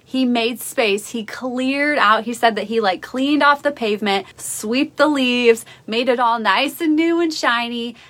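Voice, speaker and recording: A woman's voice: a little high, fairly bright tone. A young adult woman hosting a motivational podcast, talking in an upbeat, encouraging storytelling way over a livestream recording. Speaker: podcast host. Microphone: livestream video recording. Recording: faint music behind, Facebook Live audio.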